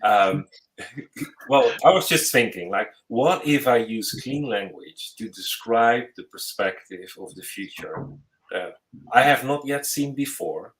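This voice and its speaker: A man's voice: mid-range voice, animated, slow pace, fairly bright tone, rough recording. A man hosting a podcast as a futurist, talking in a thoughtful, searching way with frequent restarts. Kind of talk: casual conversational interview.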